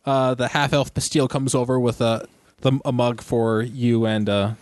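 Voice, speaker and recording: A man narrating a tabletop role-playing game as game master, with frequent pauses and restarts. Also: mid-range voice, fairly even intonation, darkish tone, no echo. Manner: halting, many ums and restarts.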